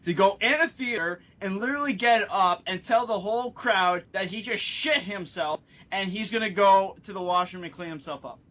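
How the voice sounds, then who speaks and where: A man's voice: high-pitched, moderate pace, hardly any pauses, bright, forceful tone. A young man co-hosting a podcast, joking and riffing with fillers in casual chat. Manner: joking, with fillers, riffs on others. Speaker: podcast co-host. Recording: dull lo-fi sound.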